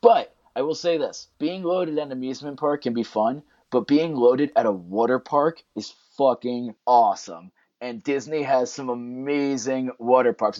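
A man co-hosts a podcast, talking fast and excitedly and swearing now and then. His audio sounds dull and lo-fi. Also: medium pitch. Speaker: podcast co-host. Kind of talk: casual chat.

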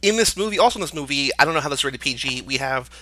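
A man co-hosts a casual podcast, rambling and full of filler words. His pitch moves a lot and his tone is bright. The recording is dry and close. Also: very fast, no room sound, rough recording. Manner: rambling, many "like" fillers, animated. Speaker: podcast co-host. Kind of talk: casual chat.

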